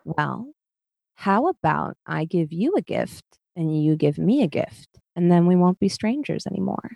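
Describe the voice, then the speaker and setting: Woman as a soft-spoken mysterious temptress. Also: on the low side, sing-song, measured pace, gravelly, no room sound, dull audio, exaggerated voice. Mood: tempting. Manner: soft and gentle.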